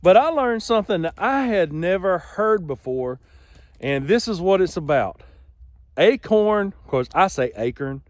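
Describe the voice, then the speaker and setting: A man's voice: high-pitched, lively intonation, moderate pace, no room sound, studio quality. A man hosting an outdoor vlog, talking in a rambling, folksy way outside in the woods. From Alabama. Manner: rambling, folksy, self-correcting. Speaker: outdoor channel host.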